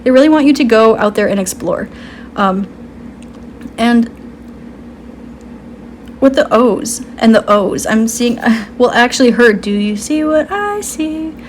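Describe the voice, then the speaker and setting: A woman with a somewhat high voice talks through an intuitive card reading. She rambles loosely, filling her speech with "um" and "like" and laughing easily as she goes. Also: unhurried, pauses often, slight background noise. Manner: rambling, full of "um" and "like", giggly. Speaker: tarot card reader.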